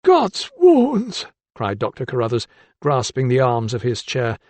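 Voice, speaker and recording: A man narrating an audiobook in a calm, even storytelling voice. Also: mid-range voice, moderate pace, dry recording. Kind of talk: scripted narration.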